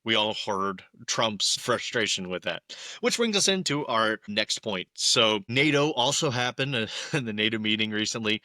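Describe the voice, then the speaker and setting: Emphatic man, bright and dry. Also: medium pitch, dry recording. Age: young adult. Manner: opinionated, emphatic, exasperated asides. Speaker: podcast co-host. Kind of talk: solo political commentary.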